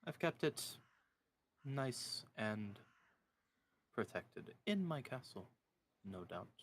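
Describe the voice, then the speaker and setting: A man voicing a courtly, controlled male vampire lord who speaks in a measured, formal way. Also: mid-range voice, sing-song, a little hiss or hum, voice pushed up.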